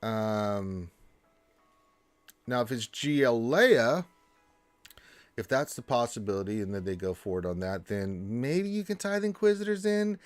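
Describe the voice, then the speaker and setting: A man's voice: mid-range voice, animated, measured pace, pauses often, dry recording, soft background music. A man hosting a casual livestream, reading viewer questions and answering in a loose, chatty way with many fillers and restarts. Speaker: livestream host.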